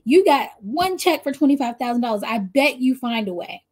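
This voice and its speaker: A woman's voice: sits high, lively intonation, a little fast, darkish tone. A woman giving casual motivational business coaching, chatty and talking straight to her listeners. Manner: chatty, addresses listeners directly, frequent "right?".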